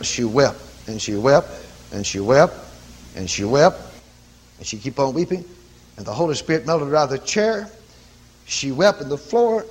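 Man preaching a story, high voice that swings all over, kinda husky. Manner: animated, rising to loud commanding calls. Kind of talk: sermon storytelling.

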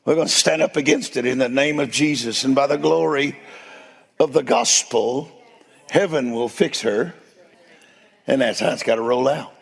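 A man preaching in a folksy storytelling way, laughing often and swinging between loud and hushed. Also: medium pitch, moderate pace, creaky, slightly rough, in a large hall. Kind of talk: storytelling sermon.

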